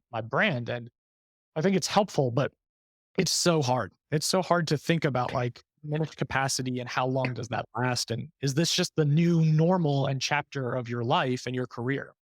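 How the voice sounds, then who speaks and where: A man's voice: mid-range voice, dry recording, clean studio sound. A man hosting a podcast, talking openly and reflectively about his own struggles in a candid conversational way. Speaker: podcast host.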